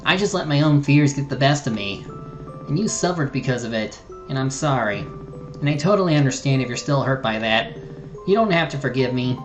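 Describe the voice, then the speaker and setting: A woman's voice: very deep voice, animated, moderate pace, music in the background, poor audio. A streamer voicing an earnest, remorseful young woman adventurer, reading game dialogue aloud with small slips and restarts. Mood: apologetic.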